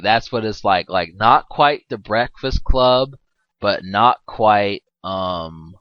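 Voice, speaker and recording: A man's voice: low voice, dry recording, dull audio. A man giving a rambling, casual movie commentary, full of fillers and restarts and laughing often, swearing now and then.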